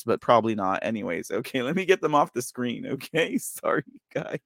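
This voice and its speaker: A man's voice: mid-range voice, sing-song, a little fast, creaky, hardly any pauses, fairly bright tone, dry recording. A man hosting a podcast, giving casual political commentary, rambling with many fillers and reading news excerpts aloud. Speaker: podcast host.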